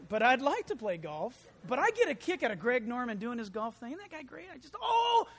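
A pastor preaching a verse-by-verse Bible study sermon, with animated storytelling and humorous asides. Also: medium pitch, a little fast, long reverb tail, a little hiss or hum. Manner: acts out quoted voices.

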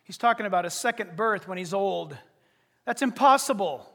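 A man with a strikingly high voice preaches a sermon, driving each point home with emphasis. He poses rhetorical questions and works through numbered arguments. His voice rings with the long reverb of a large hall. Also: fairly quick, vocal fry, pushed and bright. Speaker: pastor.

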